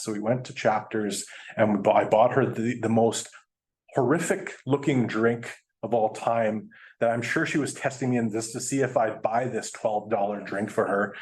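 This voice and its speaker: Chatty man telling a story. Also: medium pitch. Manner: animated, chatty, laughs while telling. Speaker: guest speaker. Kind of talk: storytelling presentation.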